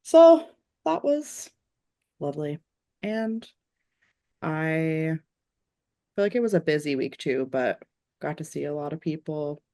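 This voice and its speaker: Brief: low-pitched American woman podcast co-host, dry humor, easygoing chat. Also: measured pace, long pauses. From United States. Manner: relaxed, wry, supportive listener with short backchannels. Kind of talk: casual chat. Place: Portland, United States.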